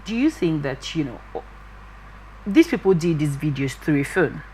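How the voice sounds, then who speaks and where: A woman's voice: sits low, sing-song, moderate pace, warm tone, a little hiss or hum, low-quality recording. A woman hosting a TV interview, asking probing questions and giving short acknowledgements. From Nigeria.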